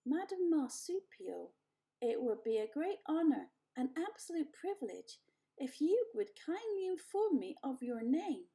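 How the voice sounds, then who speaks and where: A woman's voice: sits high, sing-song, measured pace, warm tone, pitched above the performer's own voice, full character voice. A woman voicing a formal, polite female robot in a storybook reading, with a stiff, robotic delivery. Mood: stiffly polite.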